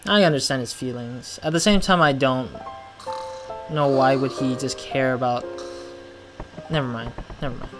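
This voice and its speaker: A man's voice: mid-range voice, moderate pace, long pauses. A man hosting a let's play, chatting casually about the game and rambling with jokes. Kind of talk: casual gameplay commentary. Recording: game music playing behind.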